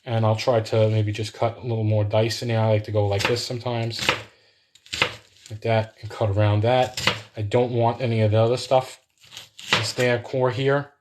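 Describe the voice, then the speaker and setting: A man's voice: on the low side, level tone, moderate pace, noisy background. A man chatting to viewers in a rambling way while he cooks live in his home kitchen. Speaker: home cook hosting a live cooking stream. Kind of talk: casual live cooking demo with chat.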